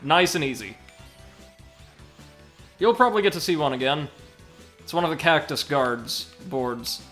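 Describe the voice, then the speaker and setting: A man's voice: on the high side, expressive, a little slow, a bit bright, faint music behind. A man casually commenting on a video game during a live stream, reading chat aloud with dry, sarcastic asides. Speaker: streamer and co-host.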